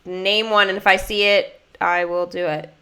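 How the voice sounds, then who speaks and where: A young woman from the United States streams a mobile game, keeping up casual, bubbly talk full of fillers. Her mid-range voice is flat in delivery, moderately paced, and sharp in tone.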